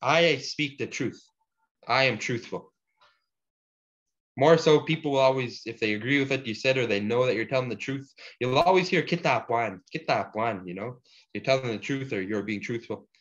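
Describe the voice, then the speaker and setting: Relaxed male language teacher. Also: medium pitch. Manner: slow deliberate pronunciation drills, casual fillers. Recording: dull lo-fi sound.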